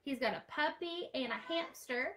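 A woman's voice: high voice, moderate pace, fairly bright tone, a little hiss or hum. A woman librarian holding an online storytime for young children, reading aloud and singing with a sing-song, exclaiming manner.

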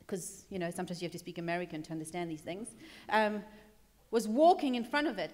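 A woman pastor preaching a sermon, telling the story conversationally and acting out the characters, dropping to a hush and rising again. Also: fairly high pitch, long reverb tail. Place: church hall.

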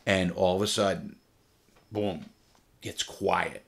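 A man's voice: low voice, steady tone, takes it slowly, gravelly, fairly bright tone. A middle-aged man, a former prisoner, bluntly telling first-person stories with profanity. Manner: blunt and profane, vivid retelling.

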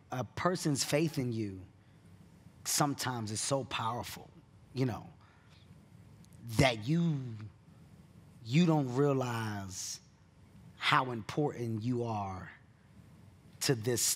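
A man who is a comedian, telling stories in an onstage keynote interview with animated delivery and bursts of laughter. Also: medium pitch. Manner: animated storyteller, laughs at his own story. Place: conference stage.

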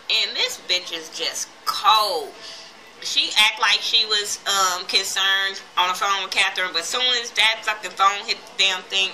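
A woman recapping a TV episode in a casual, profane, animated way, acting out the characters' lines as she retells them. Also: mid-range voice, slight background noise, rough recording. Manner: blunt, profane, animated retelling with quoted voices. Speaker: TV episode reviewer.

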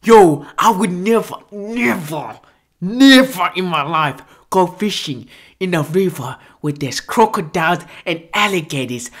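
A woman's voice: on the low side, lively intonation, unhurried. A woman hosting a reaction video who keeps exclaiming in shock and scolding the people on screen, repeating short outbursts. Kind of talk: casual reaction commentary.

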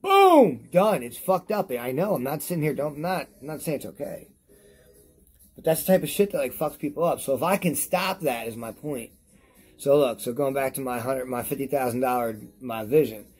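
A man reviewing products on his vlog in a rambling, profane rant to camera while he is high, repeating himself as he talks. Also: a little fast, a little mellow, husky.

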